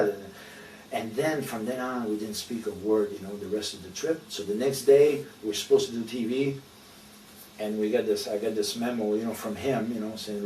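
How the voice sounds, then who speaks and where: A man's voice: lowish voice, steady tone, normal speed, warm tone, slight background noise. An older man telling blunt, profane wrestling stories in a shoot interview, leaning on "you know" throughout. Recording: echoey room, mic from a distance.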